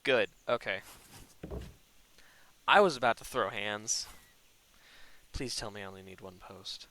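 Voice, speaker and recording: A man's voice: fairly low pitch, a little slow, pushed and bright. A young man giving casual, jokey commentary on his own gameplay, talking to himself with sudden exasperated outbursts. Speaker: gaming YouTuber.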